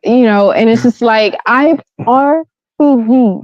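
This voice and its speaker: A fairly high-voiced woman chatting on a podcast in loose, slangy, profane banter. Her mic sounds dull, dry and lo-fi. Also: slow pace, a little mellow, no room sound. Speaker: podcast co-host.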